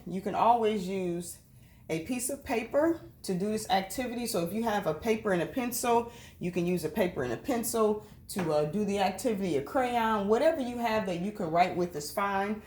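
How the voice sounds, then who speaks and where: A woman teaching a reading lesson to children, speaking slowly and sounding out each syllable. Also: mid-range voice, lively intonation, darkish tone.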